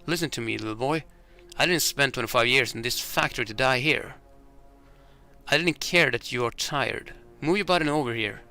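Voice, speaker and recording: A man's voice: medium pitch, moderate pace, sharp tone, smooth, soft background music. A man reading aloud as a stern veteran factory worker, barking orders. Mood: commanding. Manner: commanding, barks orders. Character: stern older male factory veteran, bossy.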